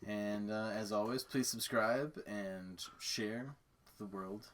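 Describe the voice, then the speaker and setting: A man's voice: lowish voice, slow pace. A man co-hosting a casual fan chat, dropping dry, joking asides and reading the show's sign-off. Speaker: podcast co-host.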